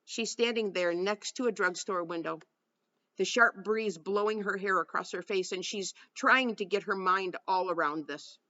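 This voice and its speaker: Woman, audiobook narrator, steady storytelling, crisp bright tone. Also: mid-range voice, normal speed, lo-fi sound. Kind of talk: first-person audiobook narration.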